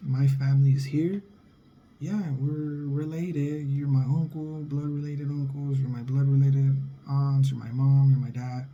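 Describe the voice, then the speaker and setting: A man's voice: mid-range voice, level tone, normal speed, mellow, lo-fi sound, a little hiss or hum. A young adult man and father, talking in a blunt, heated, profane casual monologue. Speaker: vlogger, father.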